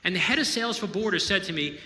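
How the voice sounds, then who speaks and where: With a high-pitched, sharp voice and a quick pace, a novelist gives an emphatic, conversational storytelling talk meant to inspire, often checking in with the crowd. A little hiss or hum sits under the audio, along with the long reverb of an echoey hall.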